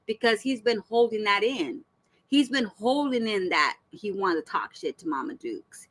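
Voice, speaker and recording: A woman's voice: mid-range voice, animated, normal speed, fairly bright tone, poor audio. A woman hosting a reaction channel, giving blunt, profane, heated commentary full of rhetorical questions.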